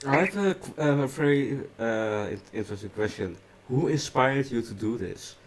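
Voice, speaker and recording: A man's voice: medium pitch, lively intonation, normal speed. A man running a mock interview, blunt and crude, often stumbling over his questions. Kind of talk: mock interview, casual comedy. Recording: noisy recording.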